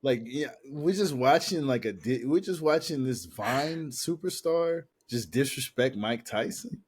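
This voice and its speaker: A man's voice: mid-range voice, lively intonation, a little slow, a little hiss or hum. A man co-hosting a podcast, chatting casually in a rambling, slangy way and often repeating himself. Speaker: podcast co-host. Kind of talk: casual chat.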